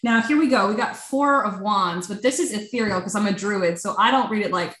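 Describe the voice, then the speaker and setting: A woman's voice: medium pitch, normal speed, hardly any pauses, reverberant, slight background noise. Chatty woman giving a tarot reading. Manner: chatty, animated, peppered with "like". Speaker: tarot reader.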